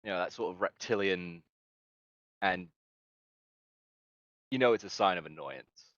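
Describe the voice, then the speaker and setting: Deep-voiced man rambling as game master. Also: unhurried, a bit bright, dry recording, highs cut off. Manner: rambling, hesitant, with fillers and laughs. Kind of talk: narrating a tabletop game.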